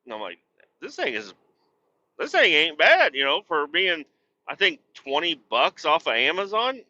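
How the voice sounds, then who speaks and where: Middle-aged guy, real bright tense voice, swears constantly, self-deprecating laughs, muffled podcast sound. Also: fairly high pitch, sing-song, normal speed, no room sound. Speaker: podcast host. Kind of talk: casual rambling monologue.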